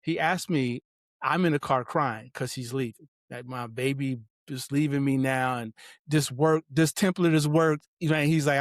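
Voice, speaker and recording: A middle-aged man, a guest author, telling family stories in an animated way, acting out quotes and laughing often. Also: medium pitch, moderate pace, dry recording, clean studio sound. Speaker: guest, author and parenting advocate. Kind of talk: casual interview storytelling.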